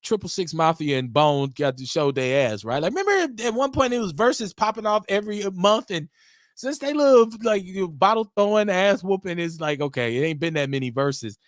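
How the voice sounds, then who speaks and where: A middle-aged man talks at length on his own podcast, drifting loosely from one subject to the next. His voice sits at an average pitch but jumps up often as he gets going. The sound is dry and close, with no room around it. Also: a little fast, no room sound. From Milwaukee, USA. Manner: rambling, talkative, lively swings in pitch. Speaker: podcast host. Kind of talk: casual solo talk show.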